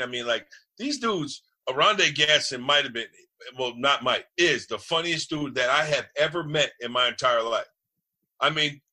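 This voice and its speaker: A middle-aged man from New Jersey, a former quarterback telling boisterous, profane locker-room stories as a guest in casual chat. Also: medium pitch. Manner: boisterous, profane, animated storyteller.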